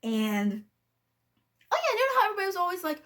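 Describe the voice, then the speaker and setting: A woman chatting casually through a film review. She acts out the characters' lines and sometimes drops into soft, near-whispered asides. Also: very high-pitched, huge pitch swings, fast talker, pauses often.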